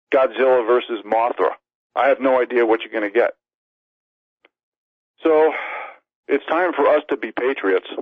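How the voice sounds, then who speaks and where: Out of breath, a New York author in his sixties calls in to a radio show and delivers a fervent political speech as an emphatic, rapid-fire list of demands. His medium-pitched voice comes through a dry, lo-fi, tinny phone line without echo.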